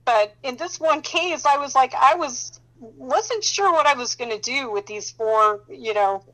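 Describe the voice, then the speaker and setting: Woman, somewhat high voice, faith testimonies, animated, emphatic, laughs often, talks straight to the listener. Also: a little slow, poor audio. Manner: addresses listener directly with "okay?" and "you know".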